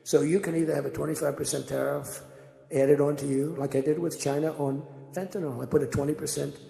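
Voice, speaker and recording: A man's voice: fairly high pitch, steady tone, brisk, vocal fry, warm tone. A man giving a rambling, boastful off-the-cuff speech, digressing and acting out conversations, in an echoey hall. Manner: boastful, digressive, acts out dialogue. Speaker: public speaker at a press event. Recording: echoey hall with long reverb.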